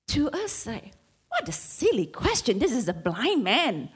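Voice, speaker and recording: Woman preacher telling a story, slow and dramatic, stumbles and repeats words, lively pitch. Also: husky. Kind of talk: sermon storytelling.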